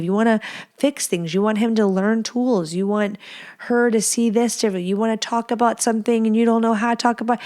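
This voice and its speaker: A woman's voice: medium pitch, darkish tone. A woman in her thirties hosting a solo podcast, talking bluntly and casually with lots of swearing and rambling restarts. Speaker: podcast host.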